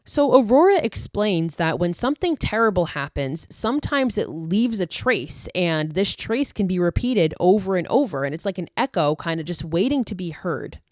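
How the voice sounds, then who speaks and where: A woman's voice: fairly low pitch, expressive, normal speed, no room sound, clean studio sound. A woman podcast host retelling a horror film plot in a casual, filler-heavy way, breaking into profane, exasperated asides. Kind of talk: casual movie recap.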